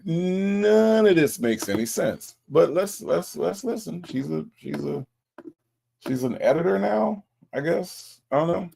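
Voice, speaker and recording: Animated gravelly man reacting to a clip. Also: a little high, unhurried. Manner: animated, exasperated, profane, addresses viewers as y'all. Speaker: host reacting to a clip and reading viewer comments. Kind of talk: casual reaction commentary.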